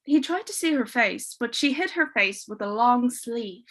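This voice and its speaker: Bright-voiced woman telling a ghost story. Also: on the high side, lively intonation, normal speed. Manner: hushed, dramatic, drops to a near-whisper.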